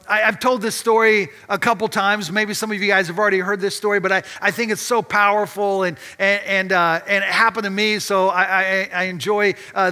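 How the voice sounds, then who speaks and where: A man, a pastor, preaching a sermon and telling a story with lively restarts and repeated words. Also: sits high, in a large hall. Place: church sanctuary.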